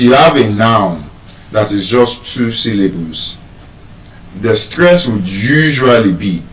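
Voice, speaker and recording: A man from Nigeria teaching a lesson on word stress to public speakers, measured and repetitive, asking his listeners questions as he goes. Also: medium pitch, fairly bright tone. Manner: measured, repeats key points, asks the audience questions. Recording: roomy echo, speaker far from the mic.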